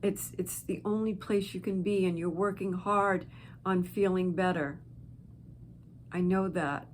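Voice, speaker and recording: Woman host, unhurried and heartfelt direct-to-camera encouragement, faint background hiss. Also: on the low side, fairly even intonation. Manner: slow, gentle and heartfelt, with pauses. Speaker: channel host.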